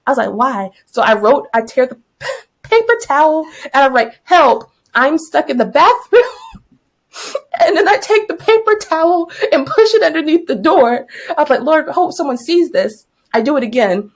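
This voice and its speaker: Lively high-voiced young woman storyteller. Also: moderate pace. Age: young adult. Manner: animated, acts out her own yelling and thoughts. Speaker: podcast co-host, teacher. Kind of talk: casual storytelling chat.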